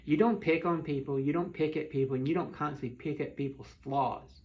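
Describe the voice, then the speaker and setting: A man's voice: a little high, fairly even intonation, fairly quick. Man pleading earnestly on a dull lo-fi recording. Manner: pleading and heartfelt, repeats words. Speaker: vlogger. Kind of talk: earnest direct-to-camera monologue. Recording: dull lo-fi sound.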